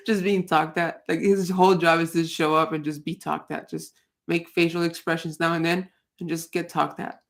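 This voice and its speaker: A woman hosts a casual livestream, ranting bluntly with plenty of swearing and rambling restarts. Her pitch is fairly low, her intonation fairly even, and she speaks a little slowly.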